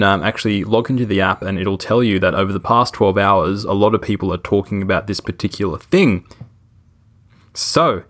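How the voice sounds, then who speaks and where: A man's voice: fairly low pitch, a bit bright. A man co-hosting a podcast, chatting casually, laughing often and stumbling over his words. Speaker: podcast co-host. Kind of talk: casual chat.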